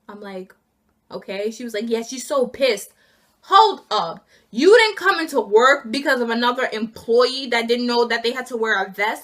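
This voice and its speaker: A seventeen-year-old girl telling a storytime vlog about losing her job, in an animated, exasperated rant. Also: a little high, normal speed. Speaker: student vlogger.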